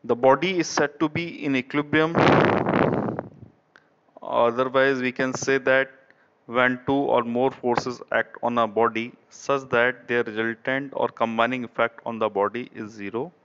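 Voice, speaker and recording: A man with an Indian English accent giving an online engineering lecture, halting and repeating phrases, often saying "okay". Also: medium pitch, fairly even intonation, fairly bright tone, clear, resonant tone. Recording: dull lo-fi recording.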